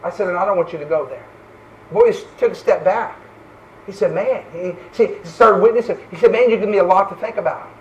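A man's voice: high-pitched, brisk, distant mic, muffled recording, a little hiss or hum. A man preaching a fervent sermon as pastor, often tossing in "right?" asides.

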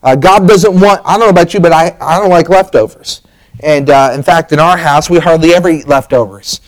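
A man's voice: a little high, fairly quick, poor audio. A middle-aged man preaching a sermon as pastor, folksy and storytelling, with frequent fillers and restarts.

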